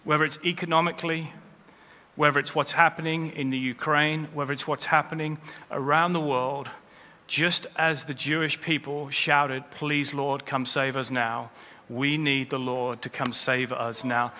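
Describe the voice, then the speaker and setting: A man's voice: a little high, flat delivery, unhurried, sharp tone. A man preaching a sermon as pastor, with rising emphasis as he quotes scripture. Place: church. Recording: long hall reverb.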